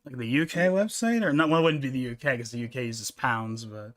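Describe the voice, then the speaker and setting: A man's voice: medium pitch, fairly quick, a bit bright, a little hiss or hum. A man hosting a live reaction stream, musing aloud and often restarting his thoughts. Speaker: streamer host.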